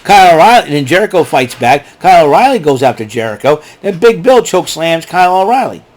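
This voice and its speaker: A wrestling show reviewer with a brisk voice on the high side gives a casual, rambling recap. He's animated and laughs a lot at his own jokes.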